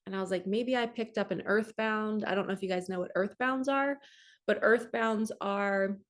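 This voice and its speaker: Woman, spiritual coach, casual storytelling, chatty, animated, acts out her own thoughts. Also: medium pitch. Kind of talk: casual personal storytelling to viewers.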